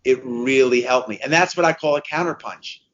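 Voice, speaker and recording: A man's voice: mid-range voice, brisk, muffled recording. A man in his fifties, a podcast guest, telling stories with energy and repeating phrases for emphasis. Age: 50s. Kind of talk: conversational podcast interview.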